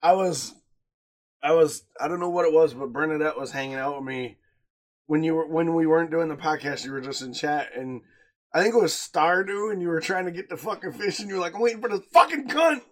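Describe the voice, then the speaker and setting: A young man co-hosting a podcast, chatting casually, animated and laughing a lot as he acts out quotes. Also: a little high, fairly quick. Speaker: podcast co-host. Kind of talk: casual chat.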